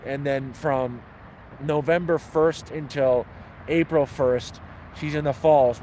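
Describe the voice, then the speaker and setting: A man's voice: medium pitch, slight background noise, low-quality recording. A man telling stories in blunt, profane, casual chat, outdoors by a city street. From Canada. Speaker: homeless vlogger answering questions. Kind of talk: casual storytelling.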